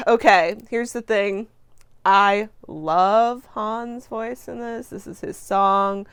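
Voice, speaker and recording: A woman's voice: medium pitch, slow pace, smooth. Gushing woman reacting with swears. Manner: gushing, excitable, swears freely, trails off in fillers. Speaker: reaction video host. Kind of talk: casual reaction commentary.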